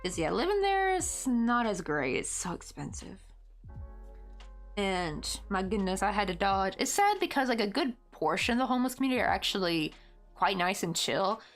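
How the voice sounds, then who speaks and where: Crocheting during a livestream, a woman from Tennessee chats and wanders from topic to topic, using plenty of filler words. She has a mid-range voice and a light Southern accent typical of West Tennessee.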